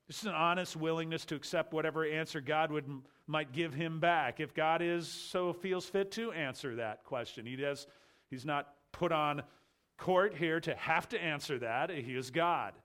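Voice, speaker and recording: A man preaching an expository sermon, emphatic and rhetorical, swinging between loud declarations and quiet asides. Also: on the high side.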